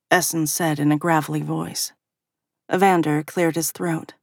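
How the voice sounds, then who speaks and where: A woman giving a measured first-person narration of a fantasy audiobook. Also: deep voice, level tone, gravelly, no echo, studio quality.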